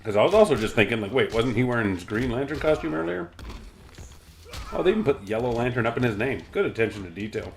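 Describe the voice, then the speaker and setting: A man's voice: medium pitch, lively intonation, fast, gravelly, slight background noise. A man casually chatting and rambling about comics while reacting aloud to the video game he is playing. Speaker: gaming channel host.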